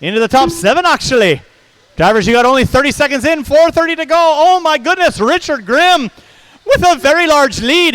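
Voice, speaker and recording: High-voiced jokey race announcer man. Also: lively intonation, a bit bright, dry recording, low-quality recording. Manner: brisk, jokey, calls names in quick runs. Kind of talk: live race commentary.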